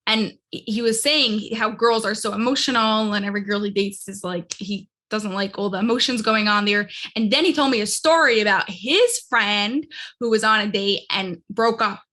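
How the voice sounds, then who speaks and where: Host, woman, bright forceful tone, chatty and loose, lots of "like" fillers. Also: medium pitch, moderate pace. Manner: chatty, fills speech with "like". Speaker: podcast host. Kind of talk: casual conversational interview.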